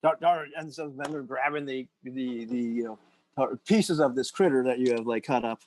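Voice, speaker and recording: A man's voice: medium pitch, normal speed, slight background noise, rough recording. A man running a tabletop game as game master, narrating in a rambling way with many restarts. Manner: rambling, full of restarts and "you know".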